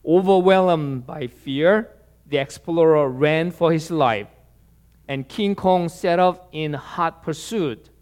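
A man preaching a sermon, telling a story with a slow, deliberate delivery. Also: a little high, a little mellow, smooth.

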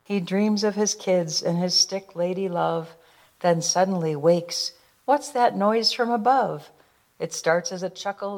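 A woman's voice: medium pitch, a little slow. Woman reading a rhyming picture book. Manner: gentle rhythmic rhyming delivery. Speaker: narrator.

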